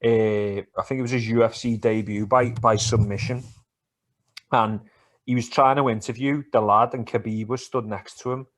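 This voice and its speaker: A man co-hosting a podcast, chatting in a sweary, animated, teasing way. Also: medium pitch, normal speed. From England. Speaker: podcast co-host. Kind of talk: casual banter about football and MMA.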